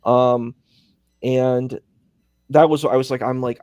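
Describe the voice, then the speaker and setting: A man speaking in an easy, rambling way, leaning on fillers as he tells a story. His voice sits at an ordinary pitch. The sound is dry and close. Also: normal speed, darkish tone, no room sound. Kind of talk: casual conversation. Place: hospital.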